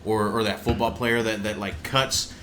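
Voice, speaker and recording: A man's voice: lowish voice, little pitch movement, moderate pace, fairly bright tone, a little hiss or hum. A young man co-hosting a casual podcast, eager and agreeable, often restarting his words. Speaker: podcast co-host and photographer.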